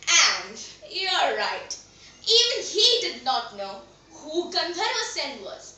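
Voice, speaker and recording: A young woman telling a folk story aloud, acting out the characters with loud exclamations. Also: high-pitched, very animated, slow pace. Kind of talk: storytelling narration. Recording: echoey room, voice a bit far from mic.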